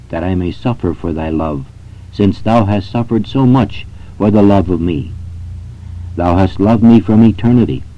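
A man giving a solemn, earnest scripted reading of a devotional meditation, measured and slowing on scripture quotes. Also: lowish voice, no echo. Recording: dull lo-fi recording.

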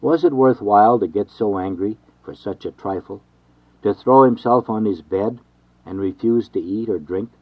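A man reading an old devotional text aloud in a measured, formal way. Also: lowish voice, dry recording. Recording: dry, dull lo-fi recording.

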